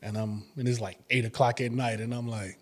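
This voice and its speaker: A former fighter telling stories in a casual interview, acting out quotes and laughing often. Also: male voice, medium pitch, fairly quick. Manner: animated storyteller, acts out quotes, laughs often.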